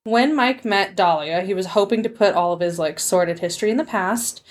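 A woman's voice: medium pitch, a little fast. A young woman hosting a casual true-crime podcast, a chatty, giggly storyteller. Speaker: podcast host.

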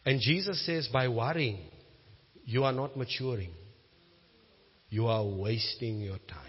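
A man with a South African accent preaching a sermon, moving from quiet storytelling to loud, emphatic declarations. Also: medium pitch, unhurried, breathy edge. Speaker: pastor. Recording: muffled sound with long hall reverb.

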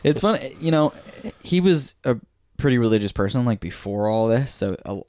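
A man co-hosts a casual podcast, sounding laid-back and slangy as he swears and laughs a lot. His medium-pitched voice has lively intonation, a moderate pace and a slightly mellow quality. The recording is dry, with clean studio sound.

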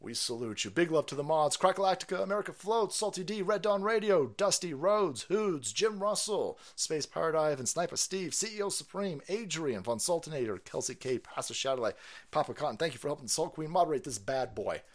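A man hosting a live stream, ranting crudely and excitably, with sudden loud bursts and fast runs. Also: on the high side. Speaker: livestream host. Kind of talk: profane political rant stream.

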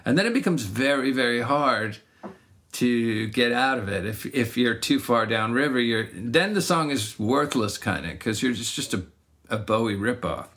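A man's voice: medium pitch, lively intonation, moderate pace, fairly bright tone. A middle-aged man, a singer-songwriter, chatting casually and reflectively about his craft, often restarting his sentences. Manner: reflective, rambling, frequent restarts. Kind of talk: casual conversation.

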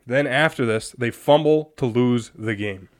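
A young man hosting a casual sports talk show, animated and exasperated, often laughing. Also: medium pitch, a little slow. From Wisconsin. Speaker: sports podcast host.

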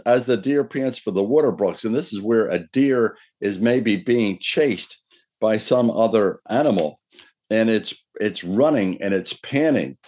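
A man with a low voice preaching a sermon. He talks earnestly and draws out the scripture passages he reads, lifting his voice on the key words. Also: a little mellow, husky. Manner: earnest preaching, slows and lifts his voice when reading scripture. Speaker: pastor.

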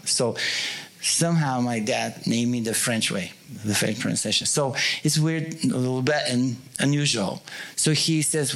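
A man from Bulgaria, telling a story in a sermon-style podcast, with broken, animated phrasing. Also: mid-range voice, moderate pace, gravelly. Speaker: ministry speaker.

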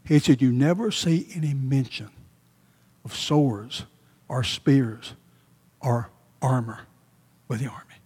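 Man, pastor, preaching, emphatic, repeats lines, mellow tone, long church reverb. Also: medium pitch, slightly rough. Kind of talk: sermon.

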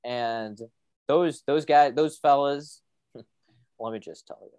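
A man's voice: mid-range voice, slow, a little mellow, clear, resonant tone, no room sound. A young college-age man telling meandering, crude, funny stories to a friend. He talks in a loose, chatty way over a video call. His voice sounds dry and close. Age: young adult. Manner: rambling, joking storyteller with crude humor. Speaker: college student. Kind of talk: casual chat.

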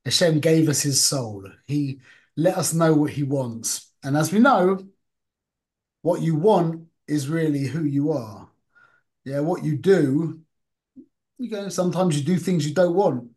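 A man's voice: a little high, measured pace, a little mellow. A man giving an informal Torah class, talking conversationally, asking the group questions and mixing Hebrew and Yiddish terms into his English. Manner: asks the listeners questions. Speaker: Torah teacher.

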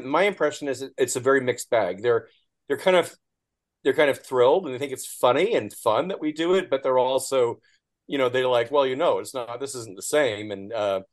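A man's voice: mid-range voice, moderate pace. A man speaking as a guest in casual chat, thoughtful and hesitant.

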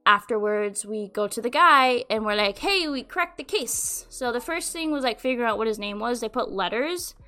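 A young adult woman hosting a podcast, telling a rambling, animated story in casual chat and swearing freely. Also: fairly high pitch, brisk, hardly any pauses, faint music behind. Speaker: podcast host.

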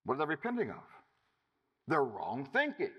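A man preaching a sermon as pastor, emphatic, with dramatic pauses. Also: medium pitch, wildly swooping pitch, breathy edge, muffled recording. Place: church. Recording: reverberant church hall.

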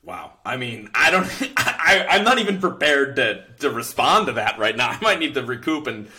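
Young male podcast host, mid pitch, exasperated ranting chat. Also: very animated, normal speed, pushed and bright. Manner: ranting, exasperated, laughs often. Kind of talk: casual sports podcast chat.

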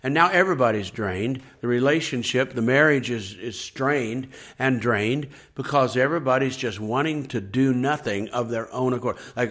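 A man's voice: mid-range voice, moderate pace, hardly any pauses, a bit bright. A man who is a pastor, talking earnestly on a faith podcast, repeating his points and acting out people's complaints. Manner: earnest, repetitive preaching with acted-out complaining quotes.

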